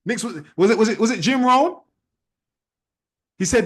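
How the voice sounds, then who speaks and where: A man leading an online sales team training, talking in a forceful, repetitive, challenging way. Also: sits high, animated, normal speed, long pauses. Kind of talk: motivational training talk.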